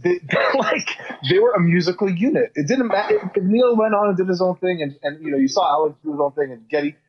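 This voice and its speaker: Musician guy telling stories, swears a lot, kinda high voice, muffled call sound. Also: fast talker. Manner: blunt, swearing, animated storytelling. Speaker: musician guest. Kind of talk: casual chat.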